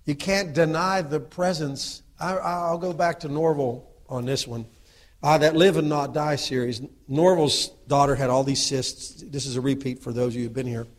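A middle-aged man preaching a sermon, dropping to low asides and then rising into loud exhortation, often asking the audience for agreement. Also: steady tone, moderate pace.

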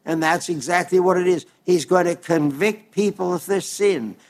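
A man preaching a sermon in an earnest, plain-spoken way, reading scripture aloud slowly and calling his listeners dear friends. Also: sits high.

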